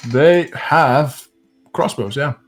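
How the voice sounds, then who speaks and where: Male game master for an online tabletop session, slow and halting, frequent fillers and chuckles. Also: mid-range voice. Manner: unhurried, hesitant, with many fillers and chuckles. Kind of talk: narrating a tabletop game over voice chat.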